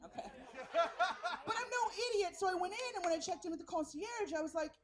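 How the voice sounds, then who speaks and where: Woman stand-up comic from san francisco, high voice, brash, profane, animated storytelling, live stage. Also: fast. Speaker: stand-up comedian. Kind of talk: stand-up comedy set.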